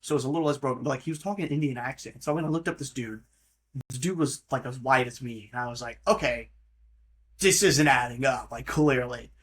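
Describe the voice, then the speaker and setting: A man's voice: mid-range voice, quick pace, a bit bright, husky. A young man from Florida hosting a solo podcast, rambling casually through jokey stories with lots of fillers and tangents. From Florida, USA. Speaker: podcast host.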